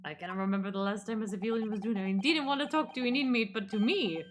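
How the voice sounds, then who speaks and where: A woman's voice: medium pitch, quick pace, natural voice. A woman voicing a hostile male prison governor in an improvised, wobbly put-on accent. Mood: gruff, hostile.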